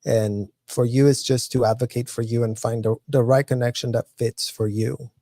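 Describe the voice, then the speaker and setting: Man with a mellow, earnest voice. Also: mid-range voice, steady tone, normal speed, no room sound, clean studio sound. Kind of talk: casual conversation.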